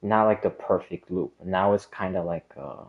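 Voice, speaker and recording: A man's voice: sits low, fairly even intonation, moderate pace, phone-quality sound. A man casually talking through a theory in a rambling, hesitant way, with lots of filler words and restarts. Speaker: gaming lore commentator. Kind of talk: casual explanatory monologue.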